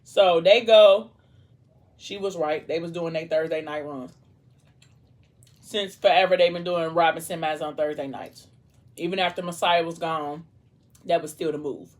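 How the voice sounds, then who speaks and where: A low-pitched woman talks at a normal speed with fairly even intonation, pausing often. She's a vlogger casually retelling a book while she eats, voicing the dialogue and relying on "like" as a filler.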